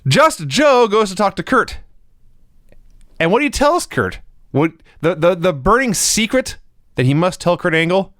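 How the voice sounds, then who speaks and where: A man's voice: sits high, very animated, a little slow, a bit bright, no echo, clean studio sound. A man co-hosting a casual chat, agreeing with his partner and reading out recap notes. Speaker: podcast co-host.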